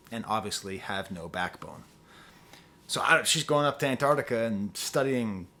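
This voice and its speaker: A man's voice: medium pitch, bright, forceful tone. Rambling, self-deprecating man reviewing an album. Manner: rambling, digressive and self-deprecating, with lots of fillers; earnest, pleading enthusiasm. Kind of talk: casual talk-to-camera music review.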